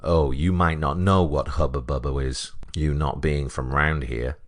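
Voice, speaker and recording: A man's voice: a bass voice, fairly even intonation, unhurried. A man voicing a nervous, chatty older male retired janitor who speaks in a friendly, plainspoken way.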